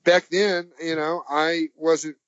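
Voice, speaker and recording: A man on a podcast as the guest, telling a long anecdote in a rambling, halting way, chuckling as he goes. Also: fairly high pitch, flat delivery, no room sound. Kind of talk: anecdotal storytelling. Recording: dull, dry lo-fi audio.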